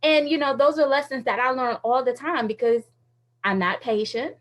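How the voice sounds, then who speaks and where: A woman radio host telling a faith story in a casual, animated way, with lots of fillers and frequent laughter. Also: sits high, normal speed. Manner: uses many fillers like "like" and "you know".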